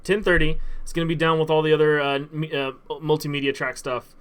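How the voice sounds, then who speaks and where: A man in casual podcast banter, relaxed and quick to laugh. His voice sits a little above the usual male pitch. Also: clean tone. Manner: easygoing, laughs often. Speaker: podcast co-host.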